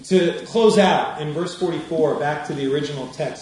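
A man delivering a sermon in a chatty, storytelling way, laughing as he goes. His voice sits a little high and carries a strong room echo. He sounds set back from the microphone, with a faint hiss underneath. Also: moderate pace, hardly any pauses, darkish tone. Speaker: minister. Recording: echoey room from a distance.

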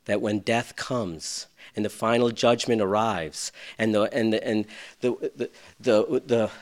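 A man preaching a sermon, swinging between loud, urgent passages and hushed, near-whispered ones. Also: fairly low pitch, steady tone, unhurried. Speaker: pastor.

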